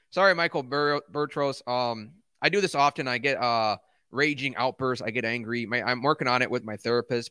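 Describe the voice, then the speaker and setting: A man's voice: medium pitch, brisk, bright, forceful tone, clean tone, no room sound, studio quality. A young man hosting a casual crypto livestream, chatting with viewers as man and dude, swearing and flaring into rants. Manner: swears, flares into ranting outbursts; laid-back, calls viewers man and dude.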